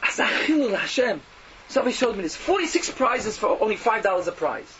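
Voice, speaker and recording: High-pitched, animated man preaching. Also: fairly quick. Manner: animated, mocking, swings from loud to hushed. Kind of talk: fiery Yiddish-laced sermon. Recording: dull lo-fi recording with faint noise.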